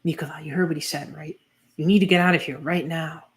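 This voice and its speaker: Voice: medium pitch, steady tone, quick pace, natural voice. A reader voicing a protective mother in a manga read-aloud, speaking urgently and firmly. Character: protective mother, firm and commanding.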